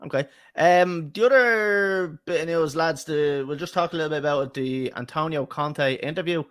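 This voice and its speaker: A man's voice: on the high side, moderate pace, a bit bright, smooth, no echo, clean studio sound. A man hosting a casual football chat podcast, teasing his co-hosts sarcastically and laughing often. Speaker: podcast host.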